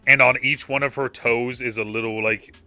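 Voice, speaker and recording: A man's voice: mid-range voice, fairly even intonation, moderate pace, bright, forceful tone, clear, resonant tone, no echo, soft background music. A man co-hosting a casual podcast, chatting in a laid-back way about a film. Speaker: podcast co-host. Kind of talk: casual movie review chat.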